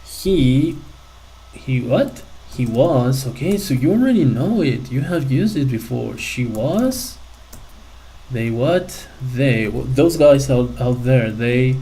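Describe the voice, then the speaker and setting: Slow, mellow-voiced male ESL teacher. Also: medium pitch, low-quality recording. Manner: slow, patient explaining with frequent check-ins. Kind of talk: classroom lesson.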